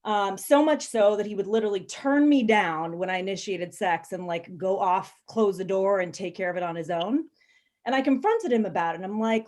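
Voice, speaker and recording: A woman's voice: mid-range voice, moderate pace, a little mellow. A woman in her thirties doing a frank, bawdy stand-up set, telling stories with lots of ums and little laughs. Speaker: stand-up comedian. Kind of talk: stand-up set on a live video call.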